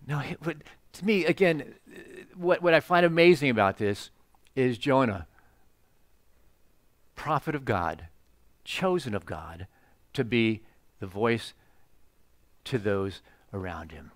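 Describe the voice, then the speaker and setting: A man's voice: medium pitch, slow, pauses often, no echo. A man preaching a sermon in a casual, joking storytelling way, full of "you know" asides. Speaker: pastor.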